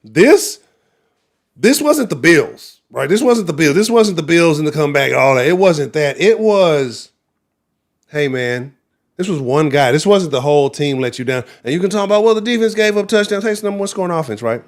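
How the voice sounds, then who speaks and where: Heated, profane sports host. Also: male voice, fairly high pitch, animated, moderate pace. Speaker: sports talk show host. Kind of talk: live-streamed sports rant.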